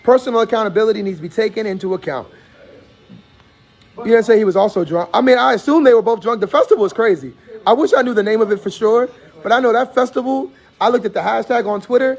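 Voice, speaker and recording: Fast-talking high-voiced man with gravel. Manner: talkative, reads out chat comments. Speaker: livestream host. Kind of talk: casual livestream chat. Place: barbershop.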